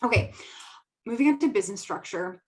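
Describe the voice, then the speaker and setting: A woman's voice: a little high, animated, a little fast, rough recording. A young woman from the American Midwest hosting her own podcast, talking casually and giggling between thoughts. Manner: chatty, giggly, filler-heavy. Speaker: podcast host. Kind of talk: casual solo talk. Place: home studio.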